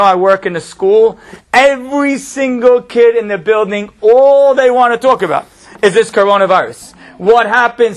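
A man who works at a school, giving an inspirational religious talk and repeating key phrases for emphasis. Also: sits high.

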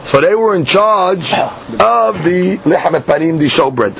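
A man teaching a Talmud class. He reads each line slowly and then explains it in plain English. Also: high-pitched, lively intonation, gravelly, fairly bright tone. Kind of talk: Talmud class, reading and translating. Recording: dull lo-fi class recording with faint hiss.

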